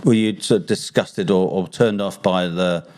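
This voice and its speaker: A man's voice: deep voice, fairly even intonation, normal speed, darkish tone. A male podcast host in casual conversation. His questions ramble and restart before they land. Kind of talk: casual interview chat.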